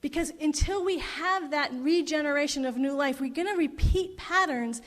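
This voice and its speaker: Middle-aged woman minister, slightly high voice, heartfelt storytelling sermon, long hall reverb. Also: normal speed. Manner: emotive, retelling a story with quoted voices. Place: parish hall.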